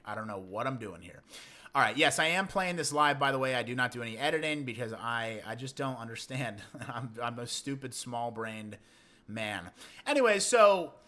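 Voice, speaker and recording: A man's voice: a little high, sharp tone. A man chatting through a movie review while riding a motorcycle outdoors, rambling and self-deprecating. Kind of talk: casual spoken review.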